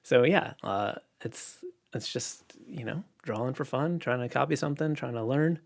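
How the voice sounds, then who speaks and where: A man chatting casually on a livestream, reading out viewer questions and answering in a relaxed, rambling way with lots of fillers. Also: mid-range voice, moderate pace, gravelly. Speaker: illustrator livestreaming.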